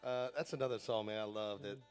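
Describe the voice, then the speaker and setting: A man's voice: on the low side, fairly even intonation, quick pace, clear, resonant tone. A man, a country singer-songwriter, chatting and telling stories on stage between songs, laughing and poking fun at himself. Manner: self-deprecating, laughing, loose storytelling. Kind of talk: onstage banter and storytelling between songs. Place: theater stage at a live benefit show. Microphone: stage microphone. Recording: live theater hall echo with guitar.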